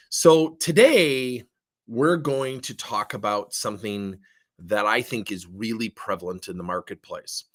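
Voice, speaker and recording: A middle-aged man, a leadership coach giving a workshop talk, telling stories and acting out both sides of the dialogue. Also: mid-range voice. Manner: animated storytelling, acting out dialogue.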